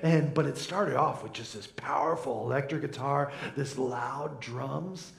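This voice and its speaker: A pastor preaches a humorous sermon in a reverberant church, joking, laughing often and mimicking voices in an animated way. His medium-pitched voice has vocal fry and a measured pace.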